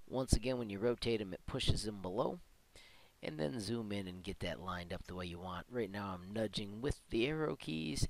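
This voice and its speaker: A man hosting a software tutorial, talking through each step in a chatty, upbeat way. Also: on the low side, vocal fry, poor audio. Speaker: tutorial host. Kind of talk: screen-recorded software tutorial.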